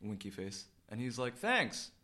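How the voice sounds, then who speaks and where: A man's voice: mid-range voice, lively intonation, moderate pace, fairly bright tone. A man telling a long story on a casual podcast, full of restarts and rambling asides. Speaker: podcast co-host. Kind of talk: casual chat.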